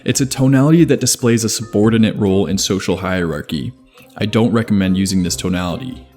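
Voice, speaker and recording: Lower-voiced man narrating over faint music. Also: quick pace, darkish tone. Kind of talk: scripted narration. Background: faint background music.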